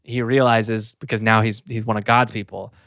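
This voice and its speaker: A man's voice: lowish voice, level tone, moderate pace, a bit bright, dry recording, studio quality. A man co-hosting a casual podcast, laughing often as he eagerly retells a story. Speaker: podcast co-host. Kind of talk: casual chat.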